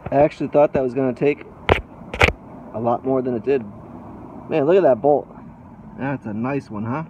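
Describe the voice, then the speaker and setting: A man's voice: mid-range voice, normal speed, muffled recording, noisy background. Wisecracking man working under a boat. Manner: joking, wisecracking, talks to himself while working. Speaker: sailboat vlogger. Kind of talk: casual DIY narration. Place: outdoors under a sailboat in a boatyard. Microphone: handheld phone.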